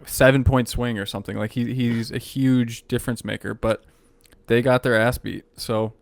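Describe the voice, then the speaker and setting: A man's voice: mid-range voice, fairly even intonation, moderate pace, gravelly, no room sound. A man co-hosting a sports podcast in casual chat, laid-back and teasing. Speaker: podcast co-host.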